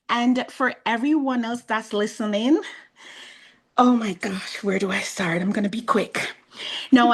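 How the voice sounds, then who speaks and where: Eager woman student giving testimonial. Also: a little high. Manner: eager and effusive. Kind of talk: casual testimonial.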